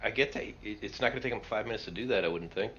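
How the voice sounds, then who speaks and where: A man's voice: on the low side, rapid-fire, fairly bright tone. A man playing a tabletop game, giving blunt, profane commands in character. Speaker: player. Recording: dull lo-fi stream audio.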